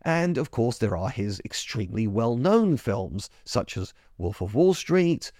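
A man hosting a podcast, talking through a film review in a chatty way, correcting himself as he goes, with his pitch jumping up when he gets keen. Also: very animated, a little slow, darkish tone, no echo, studio quality. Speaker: podcast host.

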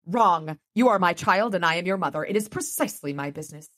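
A woman's voice: on the low side, expressive, quick pace, fairly bright tone. A woman reading the lines of a stern middle-aged mother who scolds her daughter coldly. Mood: scolding. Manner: cold, scolding.

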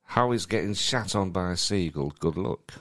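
A man chats as a podcast co-host. His voice is low, but his pitch swings widely, and he laughs often as he talks. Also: moderate pace. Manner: chatty, laughs often, animated. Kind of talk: casual chat.

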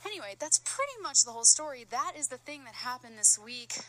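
A young woman casually telling a travel story outdoors, chatty and animated, slipping in halting French phrases. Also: high-pitched, rough recording. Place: outdoors at a busy landmark.

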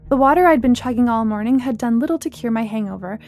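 A woman's voice: fairly high pitch, fast talker, a little mellow, soft background music. A woman narrating a first-person novel as an audiobook, voicing the dialogue.

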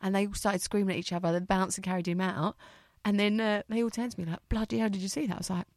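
A woman's voice: medium pitch, steady tone, fast talker, a little mellow, no echo, clean studio sound. A woman comedian co-hosting a podcast, telling rambling, funny stories and acting out what other people said. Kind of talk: casual comedy chat.

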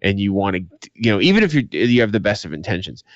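Male podcast co-host, lively and profane, dull lo-fi dry sound. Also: fairly low pitch, fast talker, dry recording. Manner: profane, emphatic. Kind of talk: casual chat.

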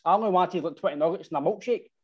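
A man's voice: high voice, racing, a little mellow, breathy edge, lo-fi sound. A Scottish man, a football supporter, telling rambling drinking stories in casual chat, full of slang and "right?". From Scotland.

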